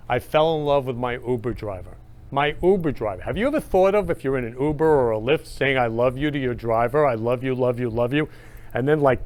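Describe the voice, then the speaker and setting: A man hosting his own show, talking in an eager, gushing monologue that swings up loud on key phrases. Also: medium pitch. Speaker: host. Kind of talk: enthusiastic casual monologue.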